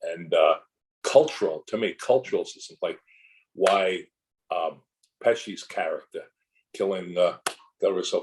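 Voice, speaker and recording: A man's voice: low voice, poor audio. An older man, an actor guest in a casual interview, telling long rambling anecdotes full of restarts and asides.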